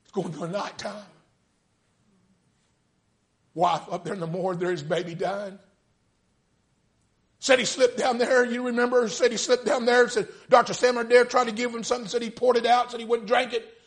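A man preaching, retelling a story in folksy speech and building to fervent, near-shouted peaks. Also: extremely high pitch, steady tone, fairly quick. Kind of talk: storytelling sermon.

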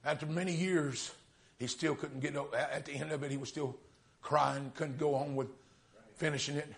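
A man preaching, retelling a story in folksy speech and building to fervent, near-shouted peaks. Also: on the high side, steady tone, moderate pace, gravelly. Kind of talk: storytelling sermon.

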